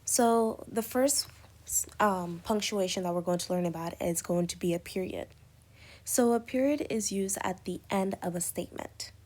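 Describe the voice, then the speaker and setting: A woman's voice: mid-range voice, moderate pace, a little mellow. A woman teaching an English lesson, explaining punctuation step by step with many spoken examples and fillers. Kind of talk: recorded lecture on punctuation.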